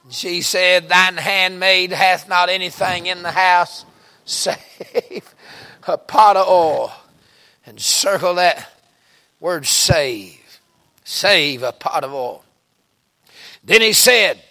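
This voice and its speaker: Fervent Southern preacher, high and bright. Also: male voice, slow pace. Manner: fervent, bursts into shouts and exclamations. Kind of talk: revival sermon. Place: church sanctuary.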